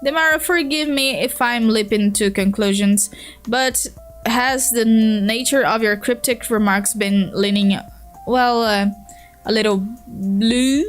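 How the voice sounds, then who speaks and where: A woman with a Brazilian Portuguese accent voicing an overly polite, formal male gentleman who talks at length, reading from a webcomic. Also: a little high, takes it slowly, soft background music. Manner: prim, courteous, long-winded.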